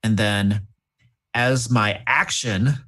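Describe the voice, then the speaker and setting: A man's voice: lowish voice, very slow, sharp tone. A man playing a tabletop game, talking casually and reacting with flustered exclamations. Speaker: player.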